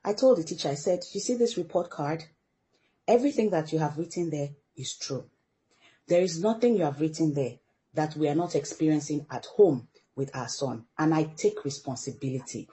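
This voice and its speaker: A middle-aged woman from Africa, a parent guest in an interview, telling a story with animated delivery and acting out the people she quotes. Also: sits low, normal speed. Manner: animated storyteller who acts out quoted dialogue.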